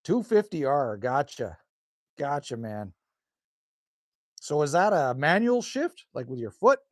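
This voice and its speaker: A man on a live stream, talking outdoors in the cold and answering his viewers' comments as they come in. His voice sits a little high and swings up and down a lot, and the sound is close and dry. He rambles easily and corrects himself as he goes. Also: big pitch swings, a little slow, no room sound. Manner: chatty, reads viewer comments aloud and answers them; laid-back, rambling with self-corrections. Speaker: live streamer reading chat. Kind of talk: casual live-stream chat.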